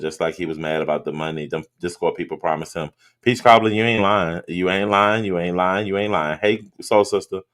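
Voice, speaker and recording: A man reacting on his livestream in blunt, profane casual commentary, reading out viewer comments. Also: sits low. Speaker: streamer reacting to a live stream.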